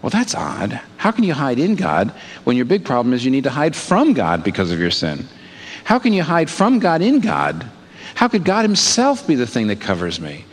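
A man preaching a sermon, asking rhetorical questions and moving between hushed and emphatic moments. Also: mid-range voice, wildly swooping pitch, normal speed. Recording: long reverb with faint background noise.

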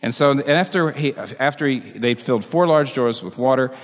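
A man preaching a sermon as a pastor, telling the story in a lively way and chuckling along with it. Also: medium pitch, moderate pace, big-room sound.

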